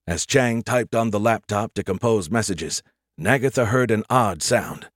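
A man narrates an audiobook in a steady, measured reading. His voice sits on the low side, and the studio-quality recording carries no room sound.

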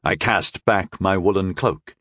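A man narrating an audiobook in the first person with a wry, expressive storytelling manner. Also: deep voice, unhurried, dry recording, studio quality.

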